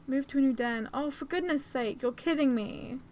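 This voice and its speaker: A woman's voice: sits high, normal speed, a little mellow, slight background noise. A woman giving let's-play commentary, talking to herself in a fretful, anxious way while she plays. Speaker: gaming channel host.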